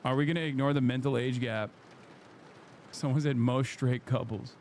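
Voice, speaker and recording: Brief: male stream host, mid-pitched voice, dry sarcastic delivery. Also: normal speed, slight background noise. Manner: sarcastic, deadpan asides. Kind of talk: casual livestream commentary.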